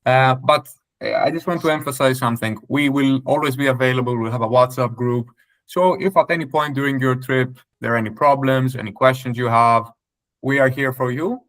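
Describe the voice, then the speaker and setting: A man from Greece, a local tour organizer welcoming clients on a video call, friendly and halting with many fillers. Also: medium pitch, a bit bright.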